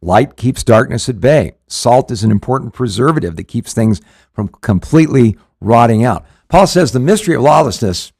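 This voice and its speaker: A man's voice: medium pitch, expressive, normal speed, darkish tone, breathy edge, no room sound. Earnest pastor man, dry close sound. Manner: earnest, rambling with frequent restarts and fillers. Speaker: pastor and show host. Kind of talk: conversational Bible teaching.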